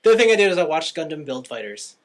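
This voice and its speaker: A man's voice: on the high side, rapid-fire, slight background noise. A young man co-hosting a podcast, casually recapping a film and acting out the characters' lines. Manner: animated storyteller, acts out quotes. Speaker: podcast co-host.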